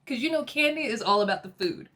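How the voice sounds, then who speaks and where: A young woman talks through a reality TV episode in a chatty, gossipy recap. She is opinionated and voices strong views on what she watched. Her voice sits a little high, with a bright, forceful edge. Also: expressive, fast talker. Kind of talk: casual episode review.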